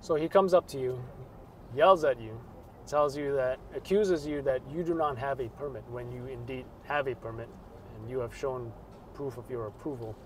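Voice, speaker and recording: Guy asking quick interview questions outside, bit of street noise and traffic. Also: mid-range voice. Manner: short direct questions.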